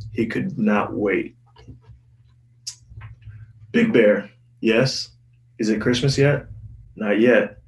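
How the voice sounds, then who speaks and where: A low-pitched man reads a children's storybook aloud. He is expressive and lifts the characters' lines. His voice sounds roomy and a little distant, with faint music playing behind him. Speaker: guest reader.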